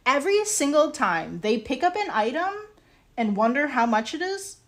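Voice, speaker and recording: A young woman streaming while she works on ceramics, telling a story in animated casual chat with many "like"s and bursts of laughter, sounding exasperated and incredulous. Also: high voice, normal speed.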